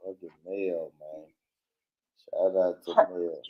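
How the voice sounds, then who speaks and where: A man's voice: sits low, level tone, slow, muffled recording. A man hosting a podcast in casual chat, loose and joking, swearing and laughing often.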